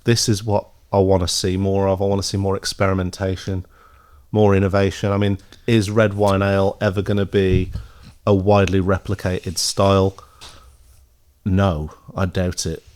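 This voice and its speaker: A man's voice: low-pitched, flat delivery, moderate pace, darkish tone. A man from England co-hosting a casual beer podcast, laid-back and swearing freely. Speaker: podcast co-host. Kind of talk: casual chat.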